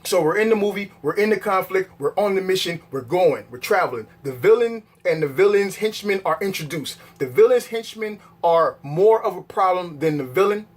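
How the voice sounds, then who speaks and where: A man with a husky voice talking through a film review in a casual, rambling way, with slang, swearing and repeated checks on whether the viewer follows him. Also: high voice, expressive, normal speed, few pauses. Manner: rambling and conversational, repeats words, asks the viewer "you dig what I'm saying?".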